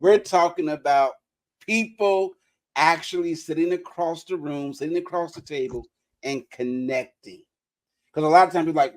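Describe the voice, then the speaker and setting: A man's voice: a little high, normal speed. A man co-hosting a podcast in casual chat, emphatic, repeating words for stress. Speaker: co-host.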